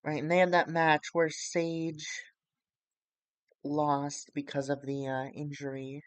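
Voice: medium pitch, little pitch movement, slow pace, smooth, no echo. A streamer playing a wrestling booking sim, rambling casually and swearing while retelling storylines. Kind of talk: casual live-stream commentary.

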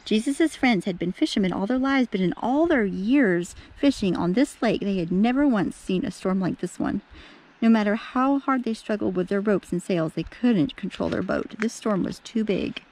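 A woman teacher reading a picture storybook aloud to children in an animated way, stopping to speak to the kids directly. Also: mid-range voice, normal speed. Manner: animated, talks to the kids between passages.

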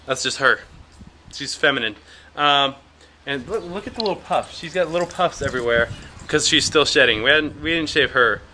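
Young guy vlogging from home, bright voice, rambly and self-mocking, lots of ums. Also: on the high side, moderate pace, slight background noise. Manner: rambling, jokey and self-mocking, with many fillers. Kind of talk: casual vlog chat.

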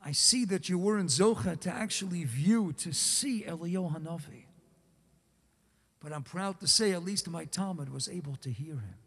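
Man voicing an old revered rabbi, gentle and solemn, dropped low and hushed, long hall echo. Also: expressive, normal speed, breathy edge, heavily acted. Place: large synagogue hall.

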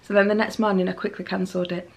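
A lifestyle vlogger with a mid-range voice talks casually to her handheld camera mic at home indoors, racing along in a flat delivery. She rambles chattily and pokes fun at herself as she goes.

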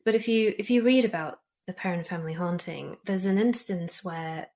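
A woman talking as a guest on a podcast, chatty and quick to react with interest. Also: fairly low pitch, darkish tone. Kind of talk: casual conversation.

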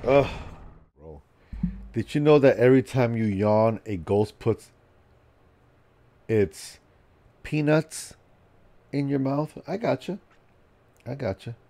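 A man's voice: medium pitch, slow pace, pauses often, mellow. A man with a stuffy nose from a cold, joking and chatting with viewers while he streams a game. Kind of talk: casual live-stream gaming commentary.

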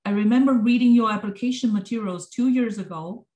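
A woman's voice: a little high, brisk, mellow. A woman coordinating a program, giving an earnest prepared speech with small restarts from her office. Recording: roomy office sound.

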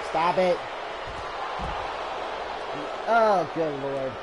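A man commentating a wrestling match as a fan, emotional and shouting at the action. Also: on the high side, lively intonation, takes it slowly, background noise. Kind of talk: excited fan commentary on a video game match.

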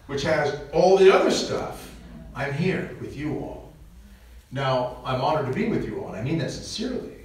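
A middle-aged man from Nebraska speaking casually to a parish audience, joking and chatty with lots of asides. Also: fairly high pitch. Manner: conversational, joking, with frequent asides and chuckles. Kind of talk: casual talk to a church audience. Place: large church. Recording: echoey church from far off.

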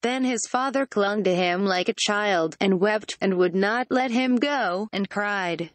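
Steady female storybook narrator, dry sound. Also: mid-range voice, a little slow, few pauses, no room sound. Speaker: audiobook narrator. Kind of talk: scripted storybook narration read aloud.

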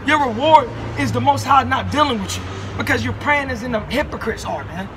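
A man preaching and arguing on a city street at night, shouting scripture loudly and calling listeners man and brother. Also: very high voice, lively intonation, brisk. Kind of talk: heated street preaching and argument. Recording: noisy street recording with crowd.

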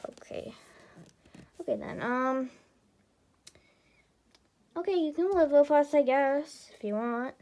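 A young female performer voicing a patient doll mother who calms and gently scolds the children in a toy role-play. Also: sits high, takes it slowly, long pauses, dull audio. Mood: placating. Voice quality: soothing, placating.

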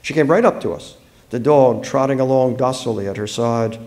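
An author from the United States giving an expressive, dramatic public reading of his own fiction at a book fair. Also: mid-range voice, brisk.

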